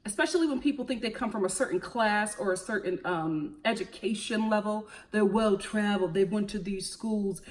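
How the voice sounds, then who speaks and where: A young woman with a Philadelphia accent giving a casual, opinionated TV recap, sassy and animated, calling people honey and girl. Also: medium pitch, moderate pace, hardly any pauses. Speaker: TV recap vlogger.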